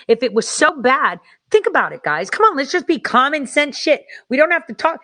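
A woman's voice: sits high, sing-song, a little fast, pushed and bright. A woman hosting a show, giving angry political commentary, heated and profane, repeating her points for emphasis. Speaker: host.

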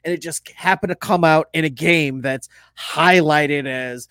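A man's voice: fairly high pitch, measured pace, clean tone, dry recording, studio quality. A man co-hosting a casual sports podcast, arguing his point hard and swearing freely. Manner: animated, swearing, argues hard. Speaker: podcast co-host.

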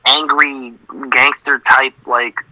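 A man co-hosting a wrestling podcast in a halting way, full of fillers and blunt, dismissive opinions, heard over a thin phone line. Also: medium pitch, level tone, very noisy. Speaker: podcast co-host. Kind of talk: casual wrestling opinion chat.

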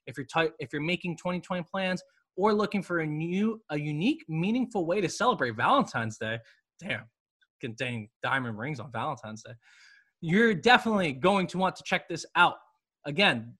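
A man's voice: a little high, bright, forceful tone. A man hosting a women's basketball podcast, reading ads and chatting casually with jokes and rambling asides. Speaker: podcast host. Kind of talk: casual sports podcast talk and ad reads.

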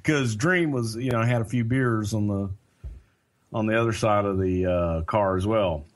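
Animated storytelling man, lowish voice. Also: normal speed. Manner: animated, acts out other people's lines; self-mocking humor. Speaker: storyteller guest. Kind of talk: casual chat storytelling.

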